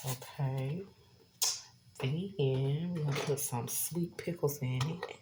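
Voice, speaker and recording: A woman's voice: extremely low pitch, takes it slowly, noisy background. A woman, chatting casually to viewers while she cooks in her home kitchen. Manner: chatty, addresses viewers as y'all. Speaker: cooking vlogger. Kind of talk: casual cooking vlog.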